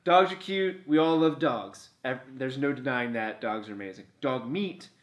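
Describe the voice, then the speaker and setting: A man's voice: mid-range voice, normal speed, highs cut off. A man co-hosting a video game countdown show, ranting casually and profanely and laughing a lot. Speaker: co-host of a gaming countdown show. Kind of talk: casual comedic game banter.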